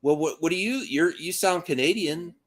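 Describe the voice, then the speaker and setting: A man's voice: on the high side, normal speed. A man co-hosting a casual livestream, reading listener questions aloud and joking around. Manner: lively, jokey, reads mail aloud.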